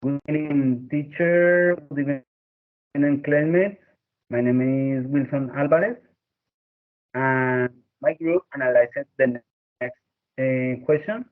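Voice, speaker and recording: Young male student presenter, measured, narrow tinny call audio. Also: mid-range voice. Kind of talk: class presentation. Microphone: computer mic on a video call.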